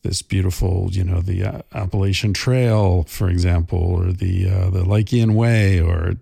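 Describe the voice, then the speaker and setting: Man, middle-aged, podcast host, mellow dark tone, husky, rambling casual monologue. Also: low voice, steady tone, normal speed, no echo, studio quality. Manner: rambling, thoughtful, frequent fillers and restarts.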